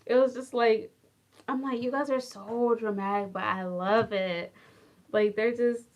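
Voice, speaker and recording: Chatty young woman telling stories. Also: on the high side. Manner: chatty, heavy use of "like", animated and affectionate. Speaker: former English teacher in Japan. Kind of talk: casual storytelling vlog.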